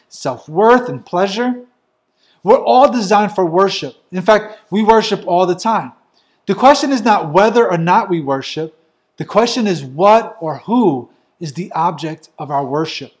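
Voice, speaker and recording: Male preacher, high voice, earnest, emphatic lists of short phrases, sermon delivery. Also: lively intonation, a little slow. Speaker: pastor.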